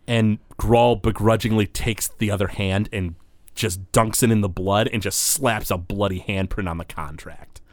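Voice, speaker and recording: A man with a fairly low voice narrates a tabletop role-playing game as game master. He rambles loosely and leans on fillers like "sort of" and "like". His voice sounds dry and close to the mic. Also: fairly even intonation, normal speed, dry recording.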